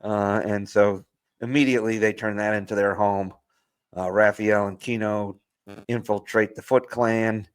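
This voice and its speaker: A man's voice: lowish voice, fairly even intonation. A man co-hosting a podcast, casually recapping a movie plot with lots of filler words. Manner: rambling plot recap with filler words and quick put-on quotes. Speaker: podcast co-host. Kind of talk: casual movie review chat.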